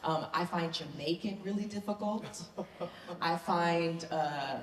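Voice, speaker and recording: A woman from the American South speaks with a low, deep voice, answering fan questions eagerly and earnestly. The sound rings around a big convention hall with a long echo and a faint hiss. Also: slow pace. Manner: enthusiastic, earnest. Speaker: actor guest on a convention panel. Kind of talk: panel Q&A answers.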